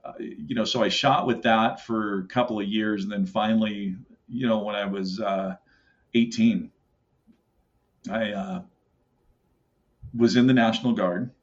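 A middle-aged elk call maker, guesting on a podcast, rambles through hunting stories with lots of fillers and acted-out quotes. His lowish voice stays steady and unhurried, broken by long pauses. The audio is muffled and lo-fi.

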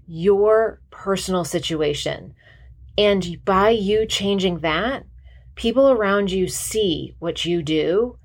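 A middle-aged woman hosting a podcast, speaking earnestly and with emotion in a motivational monologue. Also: on the low side. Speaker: podcast host, physician assistant.

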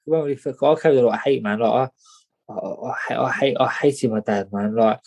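A man telling a personal story in an interview, halting and repeating words, often saying "mate". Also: mid-range voice, vocal fry, a little mellow. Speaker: guest.

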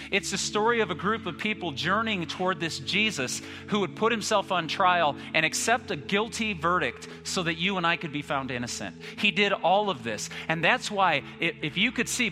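A man preaching a sermon as a pastor, impassioned, his voice climbing to loud cries when he quotes a lament. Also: a little high, in a large hall.

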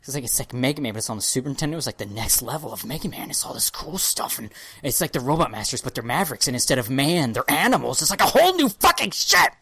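A woman with a notably low voice holds the floor in a casual podcast chat, excitable and profane as she tells a story. She keeps breaking into little acted-out voices. The sound is dry and close to the mic. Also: fast talker, few pauses, breathy edge, no room sound. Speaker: podcast co-host.

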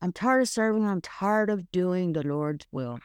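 A woman's voice: lowish voice, expressive, a little slow, clean tone, no echo. A woman voicing an exhausted, despairing prophet, a grown man who pleads to be let go. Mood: weary pleading.

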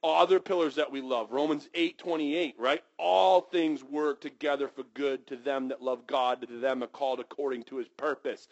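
A man preaching a sermon, animated and storytelling, who acts out characters with sudden high yelps and drops to a hushed voice for reverent points. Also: normal speed, hardly any pauses, highs cut off.

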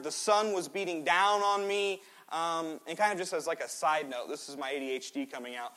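A man in his twenties preaching a sermon in a church, swinging between loud exhortation and quiet, joking asides. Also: high-pitched, brisk, hardly any pauses. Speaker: pastor. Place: church sanctuary.

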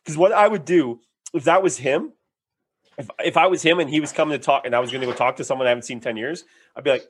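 Brief: male podcast host, slightly high voice, lively chatty storyteller. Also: fast talker, slightly rough. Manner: animated storyteller, laughs often. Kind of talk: casual chat.

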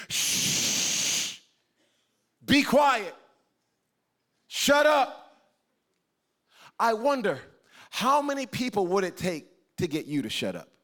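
A man preaching with a slightly high, bright-edged voice, swinging from playful asides to earnest calls. He works the room like a pastor in conversation with his congregation, teasing and joking between points. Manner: animated, conversational preaching with jokes and crowd interaction. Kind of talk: sermon to a live and online congregation.

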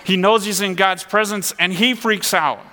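A man's voice: high voice, normal speed, pushed and bright, big-room sound. A man preaching a sermon in an earnest, conversational way, asking his listeners questions. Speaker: pastor.

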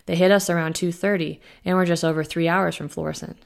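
A woman reading the lines of an older, gruff male werewolf leader with a gravelly voice. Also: fairly low pitch, flat delivery, fast. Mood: blunt.

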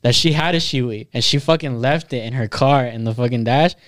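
A man's voice: mid-range voice, a little fast, no echo, studio quality. A man in his twenties co-hosting a podcast, telling profane, rambling stories full of fillers. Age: 20s. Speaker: podcast co-host. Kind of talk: crude casual chat. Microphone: studio podcast mic.

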